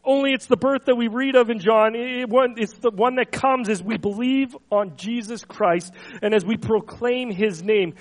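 High-voiced man preaching a Christmas sermon. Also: low-quality recording. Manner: earnest, slows and swells on scripture quotes, soft trailing endings; stumbles and repeats words when speaking freely. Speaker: pastor.

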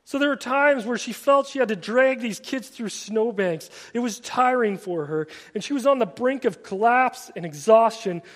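A man preaching a sermon in an earnest way, often stammering and restarting his phrases, and at times dropping to a soft, quiet voice. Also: very high voice, moderate pace, hardly any pauses. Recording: long hall reverb.

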